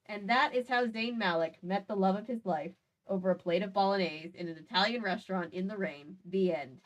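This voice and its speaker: A woman host reads a book aloud, breaking off for playful, chatty comedic asides. Her delivery is relaxed and conversational. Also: mid-range voice, a little fast.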